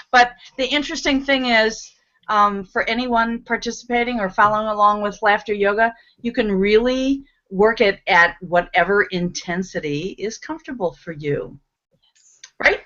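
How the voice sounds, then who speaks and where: Bright, slow-talking woman show host. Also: on the high side, muffled recording. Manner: chatty, leads group laughter exercises. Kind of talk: casual online panel chat.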